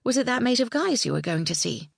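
A woman's voice: a little high, big pitch swings, fast talker, gravelly, breathy edge, no echo, studio quality, pitched above the performer's own voice, heavily acted. A woman doing a sassy young agent. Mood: playful. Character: young English woman, a confident literary agent.

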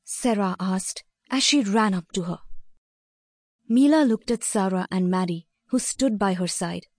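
A woman narrating a children's story in a steady, expressive reading voice. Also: mid-range voice, unhurried, dry recording, studio quality.

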